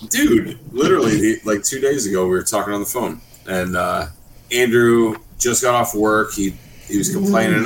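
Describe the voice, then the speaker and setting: A man telling a story casually on a group call, animated, swearing and acting out quotes. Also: fairly low pitch, normal speed, slight background noise, low-quality recording.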